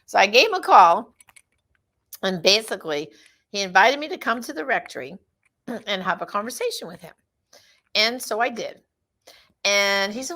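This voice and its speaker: A middle-aged woman with a gravelly edge recounts her personal story in an easy, chatty way. She slips into the voices of the people she quotes as she goes. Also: mid-range voice, big pitch swings, normal speed, long pauses, bright, forceful tone. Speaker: guest telling her faith story. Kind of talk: casual personal testimony.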